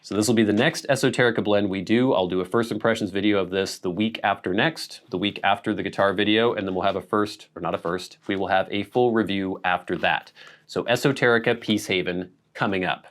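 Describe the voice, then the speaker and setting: A middle-aged man from the Pacific Northwest hosts his own channel in a relaxed, chatty way. His voice sits fairly low, and he muses aloud with light laughs and frequent self-corrections. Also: brisk. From Pacific Northwest, USA. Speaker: channel host. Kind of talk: casual vlog chat to camera.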